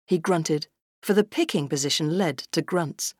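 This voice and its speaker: Lively woman reading a storybook. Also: sits low, moderate pace, breathy edge, dry recording, studio quality. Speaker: audiobook reader. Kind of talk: storybook narration.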